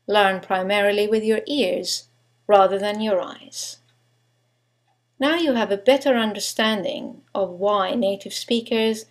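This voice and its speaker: A woman giving a scripted English pronunciation lesson, stressing each example word with care. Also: medium pitch. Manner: slow, deliberate, stresses example words. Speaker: English teacher.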